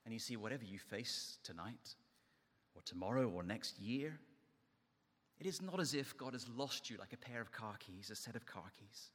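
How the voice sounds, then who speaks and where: A man's voice: lowish voice, animated, fairly quick, hardly any pauses, bright, forceful tone, husky, big-room sound. A man preaching a sermon in an emphatic delivery that rises and falls. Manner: emphatic, rising and falling delivery.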